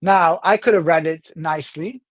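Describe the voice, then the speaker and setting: A middle-aged man giving a talk on public speaking and communication, with an animated delivery that swings in pitch and loudness. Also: normal speed. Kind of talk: talk to camera on communication skills.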